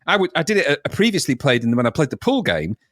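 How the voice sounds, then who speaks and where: A man co-hosting a podcast, reviewing old games in a casual, mocking way, quick to laugh. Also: fairly high pitch, very animated, a bit bright, no room sound, clean studio sound. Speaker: podcast co-host. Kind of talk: casual retro gaming review chat.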